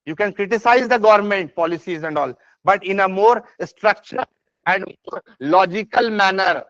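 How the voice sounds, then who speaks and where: In this classroom lecture on exam essays, the Indian-accented teacher talks at an ordinary pace in a high, fairly bright voice. He is emphatic, stumbles through fillers and restarts, and keeps checking with "is this part clear?" and "yes or no?" The recording has no echo and sounds dry and a little dull lo-fi.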